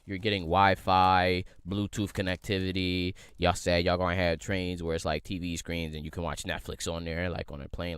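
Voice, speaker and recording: A man's voice: deep voice, flat delivery, moderate pace, few pauses, fairly bright tone, clear, resonant tone, dry recording, studio quality. A young man from the area, hosting a solo podcast in a loose, profane, rambling rant full of rhetorical questions. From Philadelphia area. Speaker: podcast host.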